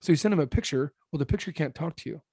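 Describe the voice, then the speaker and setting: A man in his thirties who owns a roofing business, a podcast guest talking fast and blunt, slurring his words a little. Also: slightly rough, no room sound. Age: 30s. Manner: blunt, animated, salesman-like pitching. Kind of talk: casual podcast interview.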